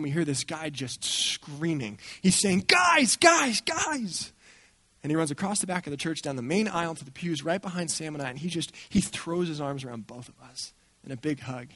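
A man speaking at a church gathering, telling a story in an animated way and acting out the people he quotes. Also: fairly high pitch, no echo. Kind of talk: storytelling talk.

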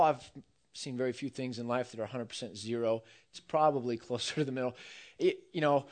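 A man preaching a sermon, telling a story with lively, acted-out quotes. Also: mid-range voice, moderate pace. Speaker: pastor.

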